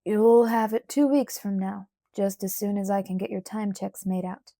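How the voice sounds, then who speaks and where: A woman doing a cool, quiet frontier father. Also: mid-range voice, fairly even intonation, normal speed, no echo, clean studio sound, lightly acted. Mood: calm. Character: calm, firm frontier father facing down a mob.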